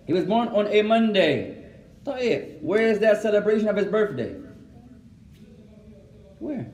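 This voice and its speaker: Animated man teaching in an echoey room. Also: sits high, quick pace, pauses often. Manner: animated, switches between Arabic and English, asks the class questions. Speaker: Islamic teacher. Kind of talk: classroom religious lesson.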